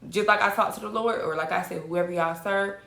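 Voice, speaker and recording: A woman's voice: medium pitch, fairly quick, gravelly, sharp tone, slight background noise. A woman guest in a casual chat, giving emphatic advice. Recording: roomy echo.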